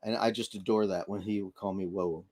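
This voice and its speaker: A middle-aged grandfather co-hosting a casual livestream chat, telling animated family stories and acting out voices. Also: lowish voice, quick pace. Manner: animated storyteller who acts out voices. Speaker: livestream co-host.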